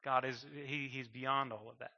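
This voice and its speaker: A man's voice: medium pitch, flat delivery, normal speed, sharp tone. A man preaching a sermon in an emphatic way, repeating phrases and building to fervent bursts. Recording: muffled sound with long hall reverb.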